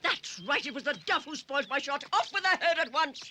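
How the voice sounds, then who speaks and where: A woman voicing a vain, bossy queen in a cartoon dub, imperious and quick to give orders. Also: high voice, pushed and bright, a little hiss or hum.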